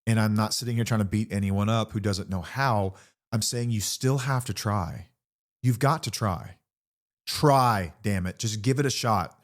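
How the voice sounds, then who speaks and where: A middle-aged man hosting a podcast, speaking blunt and earnest about recovery and swearing casually. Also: lowish voice. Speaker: podcast host. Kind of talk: candid recovery talk.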